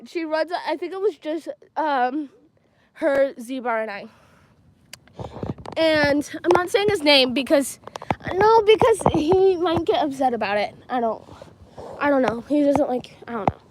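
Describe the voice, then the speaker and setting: Against a noisy background, a teenage vlogger with a high, expressive voice livestreams on her handheld phone at an unhurried pace. She wanders a school playground and field, rambling through a long story with plenty of "like" and "um."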